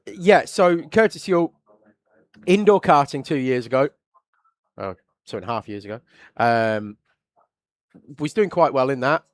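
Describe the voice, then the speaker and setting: English man, live race commentary, chatty, reacts loudly, dry close sound. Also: medium pitch, clean tone, dry recording.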